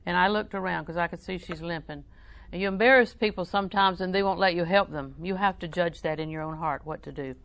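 A woman preaching a folksy sermon. She tells personal stories in a humorous, conversational way and switches between soft asides and loud, emphatic preaching. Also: on the low side, quick pace, few pauses.

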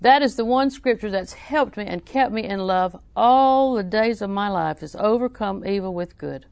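A woman's voice: medium pitch, expressive, normal speed, creaky, darkish tone, clear, resonant tone, no echo. A woman preaching a sermon, telling folksy stories with frequent laughs and repeating scripture lines for emphasis.

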